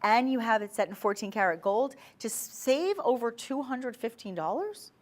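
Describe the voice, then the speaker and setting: A woman's voice: on the high side, lively intonation, moderate pace. Chatty woman selling jewelry on TV. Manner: chatty, persuasive, speaks straight to viewers. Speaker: shopping channel host. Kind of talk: live TV jewelry sales pitch. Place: TV studio.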